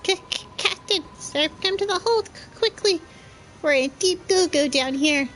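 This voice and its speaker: A woman's voice: very high-pitched, moderate pace, fairly bright tone, soft background music, voice pushed up, low-quality recording. A woman voicing a timid, panicky male monster crewman who stammers frantically. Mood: panicked.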